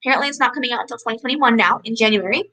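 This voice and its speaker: A young woman chatting from home, her voice bright and rather high. She talks in a bubbly, easygoing way, full of "likes" and little laughs, as she answers viewer comments. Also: rapid-fire, low-quality recording. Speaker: book vlogger hosting a livestream. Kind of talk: casual chat reading viewer comments.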